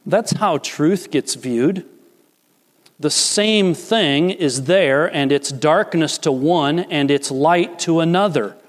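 Guy giving a sermon, lively, acts out little voices, kinda high pitched, echoey hall. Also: slow. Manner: animated, acts out voices of characters. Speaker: pastor.

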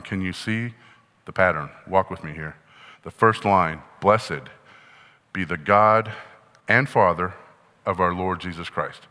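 A pastor preaches in a casual teaching style, his voice bright and slightly low. Working through the text, he repeatedly asks the congregation questions, while a long reverb trails behind him in the hall.

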